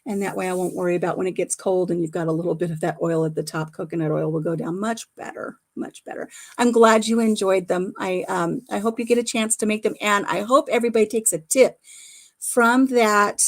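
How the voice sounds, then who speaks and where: A woman's voice: medium pitch, steady tone, a little fast. A middle-aged woman hosting a casual home livestream on her phone, chatty and laughing often as she retells conversations. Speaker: livestream host. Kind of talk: casual chat.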